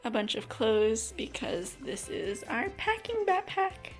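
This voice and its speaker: A woman's voice: a little high, big pitch swings, slow pace. A young woman hosting a casual food-tasting vlog, chatting and describing each treat in detail. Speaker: vlog host. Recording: loud background music.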